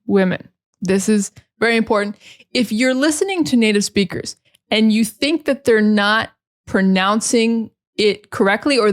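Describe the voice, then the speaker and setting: Slow, careful American woman teacher. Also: fairly high pitch. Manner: drills words by repeating them slowly with heavy stress; friendly, laughs at her own slips. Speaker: English pronunciation teacher. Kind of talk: slow, clear teaching monologue.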